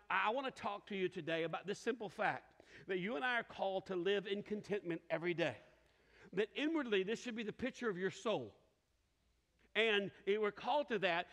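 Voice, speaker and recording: A man's voice: high voice, a bit bright. A man preaching a sermon, telling folksy stories with quoted voices and asides to the congregation. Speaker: pastor. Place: large church hall. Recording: church hall reverb.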